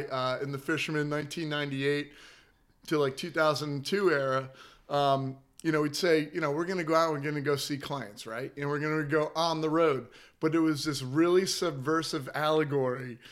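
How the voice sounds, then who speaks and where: Higher-voiced man chatting easily. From New Jersey. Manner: laughing, easygoing, uses "dude". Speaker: podcast guest, fishing show host. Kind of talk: casual podcast chat. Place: hotel room.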